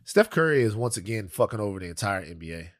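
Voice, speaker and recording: A man's voice: fairly low pitch, big pitch swings, fast talker, no room sound. Rambling, joking man, dry close sound. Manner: rambling, joking, repeats phrases for laughs. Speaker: podcast co-host. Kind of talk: casual chat.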